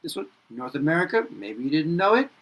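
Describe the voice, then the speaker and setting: A man teaching pronunciation in an upbeat, playful way, repeating each word slowly and chuckling between them. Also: on the high side, sing-song, muffled recording. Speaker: English teacher. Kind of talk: pronunciation lesson with repetition.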